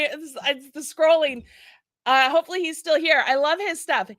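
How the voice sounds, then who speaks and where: A woman's voice: high-pitched, normal speed, fairly bright tone, no room sound, studio quality. A woman co-hosting a casual livestream chat about knitting, chatty and reading viewer comments aloud. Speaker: co-host.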